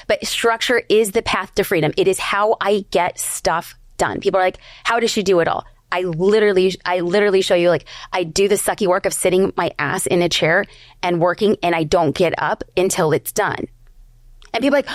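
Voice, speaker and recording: A woman's voice: medium pitch, no room sound. A middle-aged woman speaks as a podcast guest, candid and emphatic, with casual slang and a blunt edge. Her voice sits in a middle register. The studio sound is dry and close. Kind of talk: candid conversational interview.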